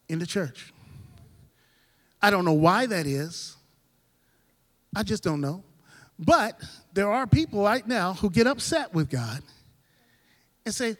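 A middle-aged man, a pastor, preaching a sermon in a church, his delivery rising and falling between loud bursts and soft asides. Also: extremely high pitch, big-room sound. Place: church sanctuary.

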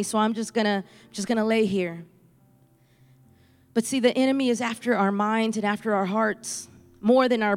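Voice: medium pitch, smooth, big-room sound. A church speaker from Houston giving a fervent preaching testimony, repeating phrases for emphasis. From Houston, Texas.

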